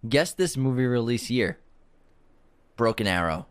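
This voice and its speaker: Brief: young male co-host, teasing banter, animated intonation. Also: mid-range voice, measured pace, smooth. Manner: joking, playful banter. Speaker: podcast co-host. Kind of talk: casual chat with ad reads.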